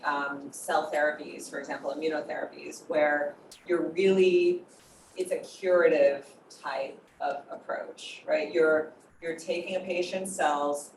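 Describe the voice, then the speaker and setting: A woman speaking as a panelist in a panel discussion, thoughtful and pausing often with fillers. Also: deep voice. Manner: thoughtful, searching for words with many fillers. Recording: echoey distant noisy audio.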